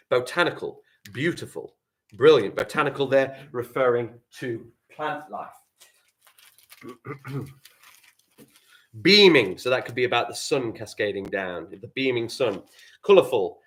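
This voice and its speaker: A man's voice: medium pitch, sharp tone. A male primary school teacher, giving a live online writing lesson, reading example sentences aloud and explaining them step by step.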